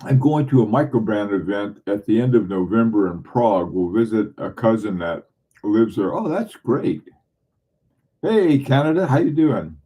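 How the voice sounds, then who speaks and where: This livestream host's voice is fairly low, expressive and mellow, slightly rough, and moves at a moderate pace. He's a middle-aged man from southern New England, chatting casually and rambling with plenty of restarts and chuckles.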